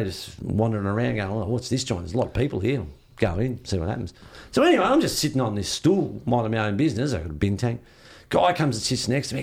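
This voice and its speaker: His mid-range voice has a creaky quality as this older Australian surfer, speaking in an interview, loosely rambles through surf-trip anecdotes, swearing openly and playing every character's lines himself.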